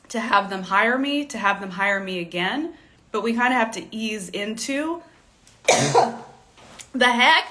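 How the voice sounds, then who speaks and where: On a relaxed livestream, a young woman who styles fashion gives live coaching in a high-ish, bright, forceful voice. She chats openly, peppering her talk with laughs and "like," and a nagging tickle in her throat sets off repeated coughs.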